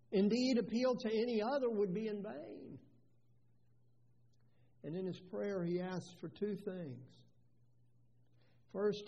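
Male pastor, deliberate sermon delivery, high and warm tone, lo-fi recording in a reverberant sanctuary. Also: slightly rough. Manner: earnest, emphatic preaching with repeated phrases. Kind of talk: expository sermon. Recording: dull lo-fi sound with long reverb.

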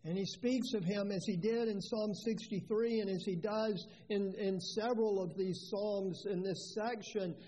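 A man's voice: sits high, steady tone, a little slow, hardly any pauses, warm tone, husky. A man preaching an expository sermon as pastor, earnest and emphatic, repeating key phrases. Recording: dull lo-fi sound with long reverb.

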